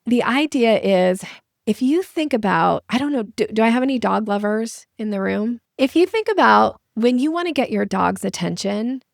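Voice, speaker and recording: A woman sales trainer giving an energetic masterclass, acting out little voices to make her points. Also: a little high, moderate pace, gravelly, dry recording, clean studio sound. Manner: lively, acts out little voices and examples. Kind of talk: webinar masterclass presentation.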